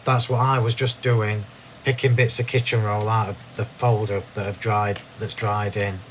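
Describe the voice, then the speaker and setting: A man hosting a live crafting demonstration from his craft room, chatty and quick to laugh at himself as he explains. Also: fairly low pitch, flat delivery, a little hiss or hum. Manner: chatty, self-laughing, restarts sentences. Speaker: craft demo host.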